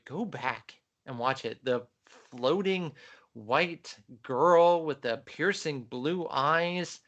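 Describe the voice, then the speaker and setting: A man's voice: medium pitch, measured pace, fairly bright tone. A man co-hosting a podcast, chatting in an enthusiastic, rambling way about films. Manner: enthusiastic, chatty, many fillers. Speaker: podcast co-host. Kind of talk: casual film chat.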